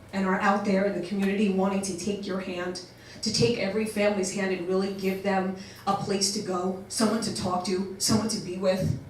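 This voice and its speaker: A woman directing a family services program, giving an earnest, halting speech at a community event that builds to emphatic appeals. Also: medium pitch, a little hiss or hum. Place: large echoey event hall. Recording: echoey hall voice picked up from far off.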